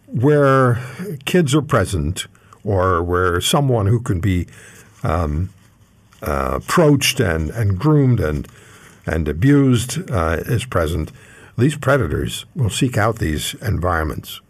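Low, gravelly man hosting an interview, halting delivery, dry close sound. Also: no echo. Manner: halting, searching for words. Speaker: interview host.

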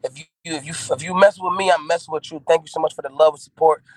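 A man from North Carolina, talking excitedly and gratefully as a guest while calling in from a moving car. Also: fairly high pitch, fast, poor audio. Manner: grateful, excitable, laughing often. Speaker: rapper, guest. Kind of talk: casual interview.

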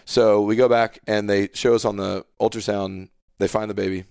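Low-voiced pastor guy in his 30s chatting on a podcast, earnest storyteller, dry close sound. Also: moderate pace, creaky, clean tone, dry recording. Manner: earnest, animated storyteller who retells dialogue. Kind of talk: casual storytelling conversation.

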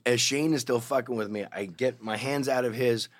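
A middle-aged Canadian man, appearing as a guest in a casual interview, tells a wild anecdote full of heavy swearing and acts out other people's voices with vivid energy. He speaks in a mid-range voice, a little fast.

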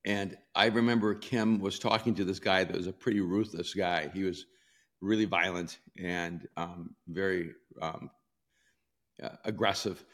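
Older pastor from El Salvador, low voice, rambling anecdotal style with laughs. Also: male voice, steady tone, a little slow. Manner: warm storyteller, laughs often, many ums and restarts. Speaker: pastor and author. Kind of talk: storytelling in a sit-down interview.

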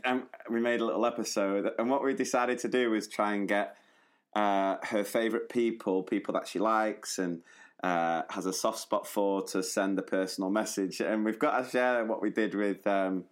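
A man co-hosting a podcast in relaxed, chatty talk, often laughing along with his partner. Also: lowish voice, normal speed. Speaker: podcast co-host. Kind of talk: casual podcast chat.

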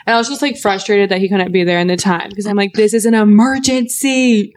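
A woman in her twenties, a podcast co-host, telling a story in casual chat, animated and acting out quotes, swearing freely. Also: medium pitch, fast.

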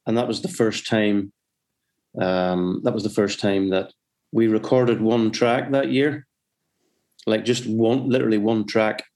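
A man's voice: lowish voice, fairly even intonation, a little slow, a little mellow. A man from Northern Ireland with a Northern Irish accent, a musician telling stories in a casual, rambling way with many restarts. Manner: rambling, with frequent restarts and self-corrections. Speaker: musician guest. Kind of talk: casual anecdotal chat.

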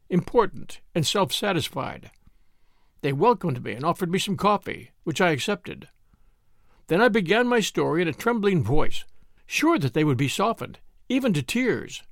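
A man reading a story aloud with measured, expressive narration. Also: fairly high pitch, dry recording, clean studio sound.

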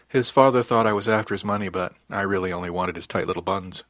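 A man's voice: deep voice, fast, fairly bright tone, dry recording, clean studio sound. A man reading the part of a cheerful middle-aged woman spacer who teases easily and sounds motherly. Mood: wry. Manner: teasing, easygoing.

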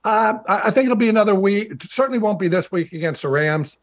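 A middle-aged man's high, expressive voice moves at a quick pace as the former pro football player turned broadcaster swaps stories in a remote video-call interview, full of chatty restarts and emphatic repetition.

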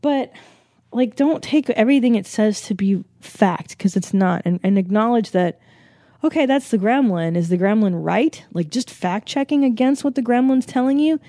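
Hosting a podcast in a casual monologue, a woman with a fairly high voice, lively intonation, and a dark tone talks at normal speed. She rambles, speaks frankly, swears freely, and laughs often, with plenty of fillers. The audio is studio quality with no echo.

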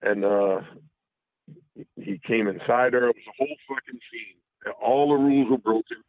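On a tinny phone line, a man with a gravelly mid-range voice calls a talk show at a moderate pace, no echo. His candid personal story wanders, with restarts and plenty of cursing.

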